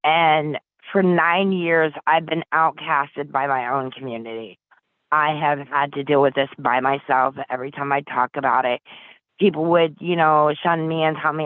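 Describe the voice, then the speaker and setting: Over a tinny, dry phone line, a woman from Flint, Michigan speaks as an interview guest, urgent, emotional and pleading. Her voice sits low with fairly even intonation and a moderate pace. There's no room sound.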